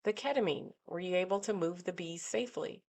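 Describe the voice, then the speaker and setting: A man's voice: high voice, brisk, a little mellow, pitched above the performer's own voice. A woman voicing an earnest, talkative male veterinarian who speaks eagerly.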